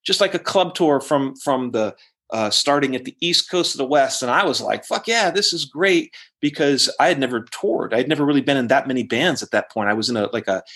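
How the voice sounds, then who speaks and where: A man in a casual interview recounting an old tale, loose and full of swearing. His voice sits at an ordinary middle pitch, but he springs higher whenever he acts out what someone said. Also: fairly quick. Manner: animated, profane, acts out quotes in raised voice. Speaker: interview guest, rock guitarist.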